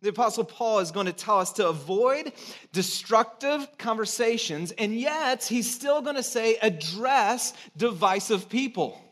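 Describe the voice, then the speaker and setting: A man's voice: high-pitched, lively intonation, a little slow, a bit bright. A man in his thirties from California, preaching a sermon as a pastor in a conversational storytelling way with self-mocking humor.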